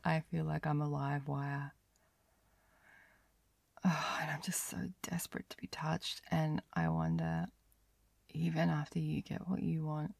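A woman narrating an intimate first-person story as a whispered role-play, breathy and sighing, lingering over each phrase. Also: sits low, a little mellow, dry recording. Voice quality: breathy whisper with frequent sighs.

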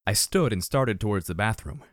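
A man reading first-person fiction aloud as an audiobook narrator, in an even, measured way. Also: on the low side, no room sound, studio quality.

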